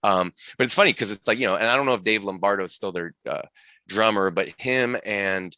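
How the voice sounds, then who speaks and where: A man's voice: fairly low pitch, fairly quick, pushed and bright, no echo. A man telling stories as a podcast guest in casual conversation, rambling with frequent restarts and asides.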